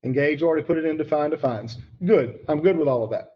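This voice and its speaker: A man's voice: a little high, quick pace, muffled recording. Emphatic man teaching an online grammar class. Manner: emphatic, repeats for effect, addresses students by name.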